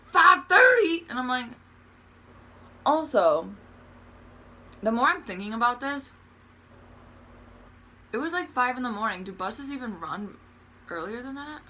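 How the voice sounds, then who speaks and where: A woman's voice: fairly high pitch, expressive, a little slow, long pauses, fairly bright tone. A young woman telling bus stories to camera in a casual, profane, rambling way, full of "like" and calling herself awkward. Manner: profane, rambling, heavy use of "like"; self-described awkward. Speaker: vlogger.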